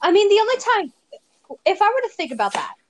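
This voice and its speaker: Young-sounding high voiced woman joking around on a podcast, giggly and teasing. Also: very animated, fast, a crowd in the background, rough recording. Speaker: co-host. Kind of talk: casual podcast chat.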